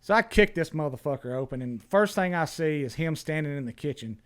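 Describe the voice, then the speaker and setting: A man, a podcast guest, recounting his past in a raised, fairly high voice. His talk is blunt and full of swearing, and he often stumbles and restarts his words. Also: expressive, fairly quick. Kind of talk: casual storytelling.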